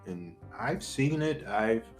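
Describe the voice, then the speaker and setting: A man's voice: medium pitch, lively intonation, takes it slowly, soft background music. A young man co-hosting a podcast, talking bluntly and sarcastically with plenty of swearing in a candid casual chat. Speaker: podcast co-host.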